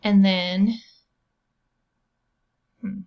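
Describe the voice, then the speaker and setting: A woman's voice: medium pitch, steady tone, extremely slow, creaky, darkish tone. Middle-aged lady teacher doing an online lesson, patient, goes step by step, chatty little asides. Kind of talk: recorded online lesson with screen share.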